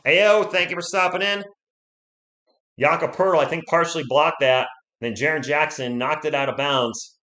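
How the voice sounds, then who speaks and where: Guy, bright tone, fan play-by-play caller, erupts into shouts on big plays, voice going hoarse. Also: a little high, moderate pace. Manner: excitable, swings from calm calls to shouting at big plays. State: losing his voice. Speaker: livestream play-by-play host.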